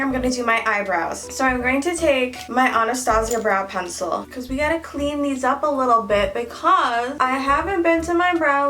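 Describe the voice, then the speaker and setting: A woman's voice: fairly high pitch, a bit bright, far from the mic. A woman beauty vlogger chatting through a casual makeup tutorial at home, playful and goofy, given to silly asides.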